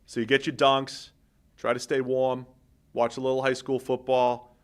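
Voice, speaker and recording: A man's voice: mid-range voice, level tone, moderate pace, clear, resonant tone. A man co-hosting a sports podcast in casual, joking chat, rambling with restarts. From Massachusetts. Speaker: podcast co-host. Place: podcast studio.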